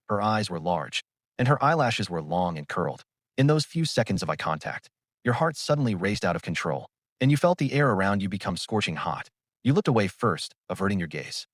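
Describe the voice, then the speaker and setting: A man narrating a story recap in second person with animated storytelling. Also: fairly low pitch, dry recording, studio quality.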